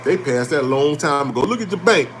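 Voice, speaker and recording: A man hosting an animated motivational talk on finance, blunt and preachy, repeating his points and swearing casually. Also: fairly high pitch, fast, slight background noise. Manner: preachy and emphatic, repeating lines for effect. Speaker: host.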